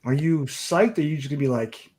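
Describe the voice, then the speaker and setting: A man's voice: on the high side, fast, a little mellow. A man hosting a casual podcast chat, quizzing his co-hosts and reading a sponsor plug. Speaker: podcast host.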